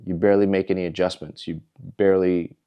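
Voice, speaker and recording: Low-voiced man telling a candid story. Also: flat delivery, mellow, smooth, dull audio. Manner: candid and introspective, speaks in short halting phrases. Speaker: podcast host. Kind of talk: reflective personal storytelling.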